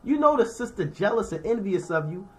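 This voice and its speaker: A man's voice: sits high, very animated, a little fast, a bit bright. A man teaching scripture informally, reading verses and explaining them in a slangy, conversational way while checking in with his listeners. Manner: reads verses then explains them with everyday examples.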